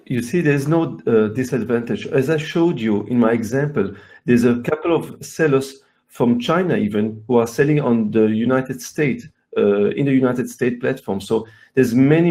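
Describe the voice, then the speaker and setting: A man's voice: medium pitch, dark tone. A man with a Belgian accent, speaking as the guest expert on a webinar, earnest and repetitive with many fillers. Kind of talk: webinar talk.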